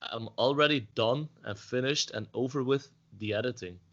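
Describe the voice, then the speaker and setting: Brief: male co-host, bright and forceful, joking, dull lo-fi call audio. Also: medium pitch, normal speed. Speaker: podcast co-host. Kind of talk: casual chat over a call. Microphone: mounted desk microphone.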